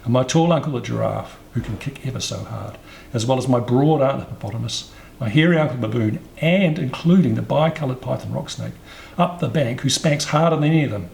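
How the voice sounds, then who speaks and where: A man's voice: mid-range voice, a little fast, gravelly, a little mellow, slight background noise, natural voice. A man voicing a polite, curious young elephant calf who pleads earnestly. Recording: roomy echo, faint ambience.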